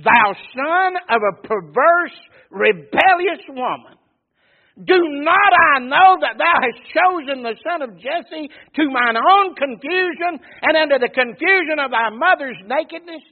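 A man voicing an enraged ancient king, bellowing curses in a booming scriptural rant. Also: expressive, measured pace, exaggerated voice. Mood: thundering. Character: furious man, an enraged ancient king cursing his son. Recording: tinny phone-like sound.

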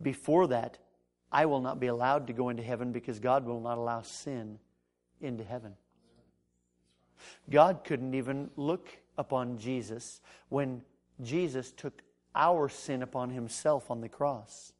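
A man preaching a sermon as pastor. He swings between loud proclamation and quiet speech, and acts out the dialogue in his stories. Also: mid-range voice, unhurried.

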